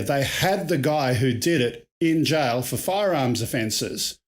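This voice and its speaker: A man co-hosting a live stream, asking the guest questions and joking casually. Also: on the high side. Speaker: co-host.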